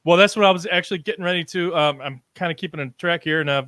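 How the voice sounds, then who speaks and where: A man hosting a casual live-stream interview, talking in halting bursts with frequent ums and restarts while he reads out viewer comments. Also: a little high, fairly bright tone, no room sound, clean studio sound. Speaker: livestream interview host.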